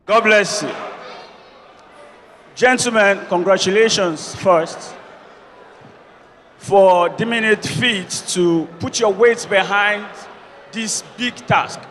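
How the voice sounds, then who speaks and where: A man moderating a student debate in a hall, pleading loudly and formally with a noisy audience, repeating his pleas. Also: high-pitched, slow, pauses often. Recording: reverberant hall with background noise.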